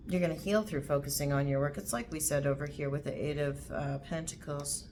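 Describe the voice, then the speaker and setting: A woman's voice: low voice, steady tone, fairly quick, noisy background. A woman giving a casual tarot reading to camera, blunt and repetitive, swearing freely as she talks. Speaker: tarot reader.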